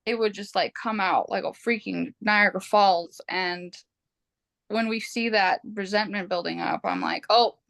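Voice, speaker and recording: A woman podcast host chatting casually, animated and expressive, quoting herself with big jumps in pitch. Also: normal speed, gravelly, no room sound. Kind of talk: casual conversational chat.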